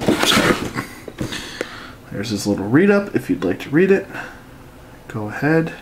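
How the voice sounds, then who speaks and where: A man's voice: mid-range voice, fairly bright tone, slight background noise. A stuffed-up man reviewing an action figure in an easygoing, conversational way. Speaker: toy collector reviewer. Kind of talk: casual toy review.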